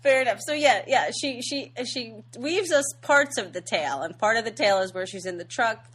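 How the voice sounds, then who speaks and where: A woman's voice: fairly high pitch, expressive, a little fast, a bit bright, slight background noise. A woman co-hosting a podcast, casually recapping a movie plot and laughing often. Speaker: podcast co-host. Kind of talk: casual movie-review chat.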